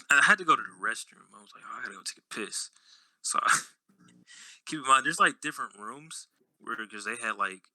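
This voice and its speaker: A man's voice: lowish voice, sharp tone, no room sound, poor audio. A young man telling stories in a casual podcast chat, blunt and slangy. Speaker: podcast host.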